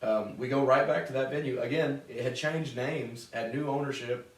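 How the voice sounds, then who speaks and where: A man's voice: mid-range voice, moderate pace. A man co-hosting a casual wrestling talk show, telling stories and teasing his co-host with lots of swearing. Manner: profane, teasing banter. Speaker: podcast co-host. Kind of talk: casual chat. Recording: roomy echo, distant mic.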